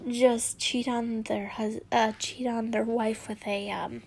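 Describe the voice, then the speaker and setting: Girl reading fanfic out loud, high voice, slow, chatty, keeps stopping to comment. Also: little pitch movement, vocal fry, slight background noise. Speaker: fanfiction reader.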